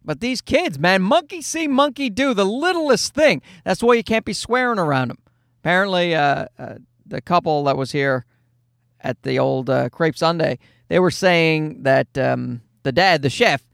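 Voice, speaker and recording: High-voiced man rambling on a podcast. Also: animated, unhurried, gravelly, a bit bright, dry recording, clean studio sound. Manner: rambling, profane, self-deprecating storytelling. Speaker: podcast host. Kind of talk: casual podcast monologue.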